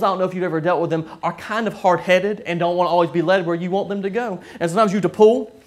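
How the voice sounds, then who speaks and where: A man preaching a sermon, telling a story with frequent halting restarts and repeated words. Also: high voice. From southern United States.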